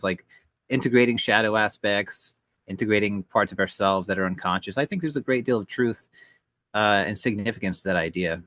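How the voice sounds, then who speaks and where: Deep, bright, hesitant man reflecting. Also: no room sound. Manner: hesitant, reflective, many fillers. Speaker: podcast co-host. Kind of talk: casual podcast chat.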